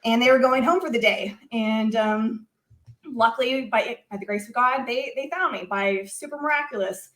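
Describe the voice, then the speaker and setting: A woman, a guest on a talk show, telling a personal story in an animated conversational way with many filler words. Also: fairly high pitch, normal speed. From United States. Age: adult.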